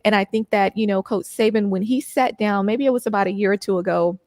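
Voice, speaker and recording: A woman's voice: medium pitch, fast talker, a little mellow, no echo, clean studio sound. A woman hosting a sports talk show, ranting with passion and using lots of "you know" fillers. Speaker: podcast host.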